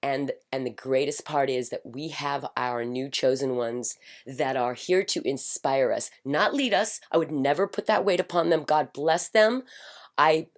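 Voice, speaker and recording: Middle-aged woman, deep voice, unhurried delivery, fervent monologue, repeats phrases like a chant, drops to whispers. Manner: emphatic, swings from loud declarations to hushed whispers. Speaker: spiritual commentator. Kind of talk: passionate personal monologue.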